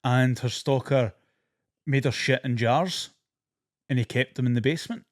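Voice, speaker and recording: A man in his thirties appears as a guest on a comedy podcast. His voice sits at an ordinary middle pitch, and he tells dry, blunt anecdotes. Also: moderate pace. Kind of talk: casual comedic chat.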